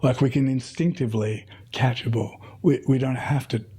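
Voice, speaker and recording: A middle-aged man with a husky, mellow voice wanders through anecdotes in a relaxed interview. His tone is dark and breathy, and he keeps stopping to restart his sentences. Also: medium pitch, normal speed. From Tasmania, Australia. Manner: rambling storyteller with many fillers and restarts. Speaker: guest. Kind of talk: casual conversational interview.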